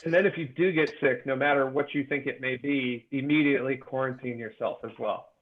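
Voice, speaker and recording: A man's voice: medium pitch, steady tone, a little fast. A young man chatting casually on a call, making brief, laid-back remarks. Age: young adult. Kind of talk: casual chat. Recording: tinny phone-like call audio.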